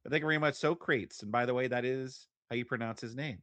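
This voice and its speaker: Sarcastic man with a bright voice. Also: medium pitch, quick pace, no echo. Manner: sarcastic, mocking asides. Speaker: streamer reacting to a debate clip. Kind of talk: live reaction commentary.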